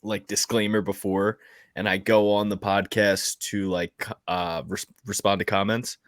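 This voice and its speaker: A man rambles through podcast banter, full of fillers and quick laughs. His voice sounds dry and close, with no room echo. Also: fairly low pitch, level tone. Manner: rambling, giggly, filler-heavy. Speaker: podcast co-host.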